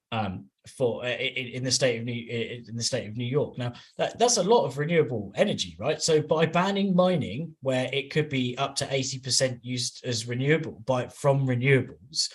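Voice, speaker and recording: A man from England chatting casually as a regular panelist. He stumbles through his points with frequent restarts and fillers, his voice sitting at an ordinary middle pitch. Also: breathy edge. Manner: halting, many restarts and fillers. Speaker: show regular.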